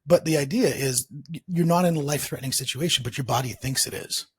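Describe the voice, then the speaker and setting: Husky-voiced male podcast host. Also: mid-range voice, fast talker, no room sound. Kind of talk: motivational podcast conversation.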